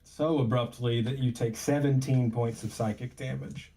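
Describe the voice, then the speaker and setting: A man narrating a tabletop game as game master, unhurried and descriptive with many pauses and fillers. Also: medium pitch, steady tone, creaky, dark tone, slight background noise.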